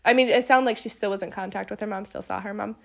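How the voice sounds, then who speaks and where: A young woman co-hosting a podcast in casual chat, speaking softly with a sick, hoarse voice and lots of filler words. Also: mid-range voice, quick pace. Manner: soft-spoken, lots of "like" fillers. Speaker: podcast co-host.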